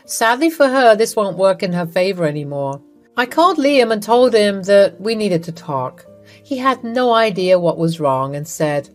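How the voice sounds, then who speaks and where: A woman reads a scripted first-person drama story in a steady, matter-of-fact voice. Her pitch sits in the middle of the range. Faint music plays beneath her. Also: measured pace. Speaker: story narrator.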